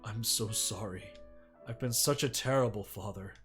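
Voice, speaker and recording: A man's voice: lowish voice, normal speed, a bit bright, soft background music, close to an everyday voice. A man doing a remorseful, hesitant scientist father.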